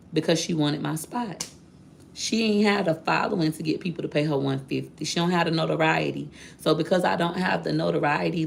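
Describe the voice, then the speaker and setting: A woman's voice: deep voice, vocal fry, slight background noise. A woman vlogger telling viewers a personal story in a candid, chatty way, addressing them directly.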